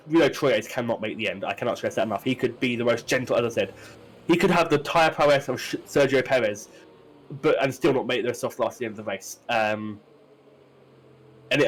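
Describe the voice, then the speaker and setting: Chatty guy doing race commentary, middle pitch, lots of fillers. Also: poor audio. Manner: chatty, many fillers and restarts. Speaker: sim racing commentator.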